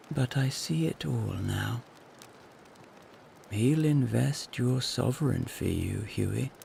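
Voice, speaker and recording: A man voicing an amused, jovial gentleman friend, wry and teasing. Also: fairly low pitch, vocal fry, a little hiss or hum, heavily acted.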